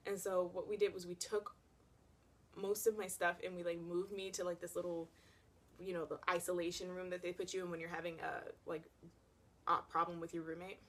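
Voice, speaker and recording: A young woman recounting a story to camera in a casual, animated way, peppering her talk with "like". She sounds dramatic and expressive. Her voice sits a little lower than most women's. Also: fairly quick. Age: young adult. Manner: animated and dramatic, heavy use of "like". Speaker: vlogger.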